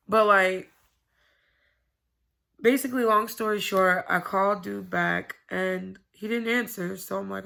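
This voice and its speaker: A woman with a bright, gravelly voice confides in her camera at home. She rambles candidly and swears freely, in casual confessional chat. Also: medium pitch, fairly even intonation, unhurried. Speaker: vlogger.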